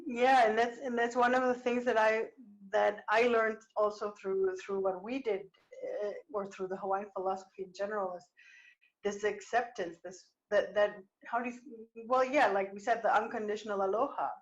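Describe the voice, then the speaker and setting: A woman's voice: medium pitch, steady tone, normal speed, highs cut off. A woman hosting a podcast who speaks reflectively, often restarting as she searches for words. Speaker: podcast host. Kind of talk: podcast conversation.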